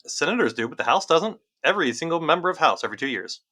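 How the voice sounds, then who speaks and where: A man talks quickly in a casual podcast chat, with a bright, forward voice that sits a little high for a man. He is animated and repeats words to drive his point home. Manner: fast, animated, repeats phrases for emphasis. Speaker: podcast co-host.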